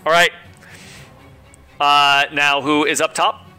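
A man running a tabletop game as game master, talking with many fillers and pauses. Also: on the high side, flat delivery, sharp tone, smooth, faint music behind. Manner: rambling, hesitant with many fillers.

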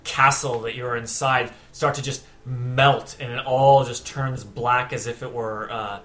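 A man running a tabletop game who describes scenes slowly and searches for words. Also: medium pitch, steady tone, sharp tone. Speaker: game master.

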